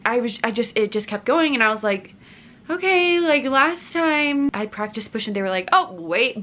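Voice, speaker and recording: A woman's voice: medium pitch, fairly bright tone, a little hiss or hum. A young woman in her twenties, a family vlogger, earnestly recounting a personal experience in a casual, chatty way with lots of "like" fillers. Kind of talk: casual personal storytelling to camera.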